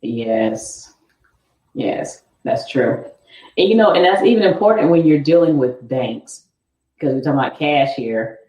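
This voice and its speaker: A woman's voice: deep voice, animated, a little slow, mellow. A woman hosting an interview, chatting casually and laughing often as she asks questions. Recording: echoey, muffled room sound.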